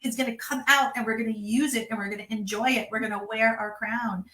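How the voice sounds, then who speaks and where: A woman's voice: a little high, steady tone, fast talker, pushed and bright, roomy sound. A woman hosting a live interview as a relationship coach, talking in an effusive, motivational way and often repeating her words.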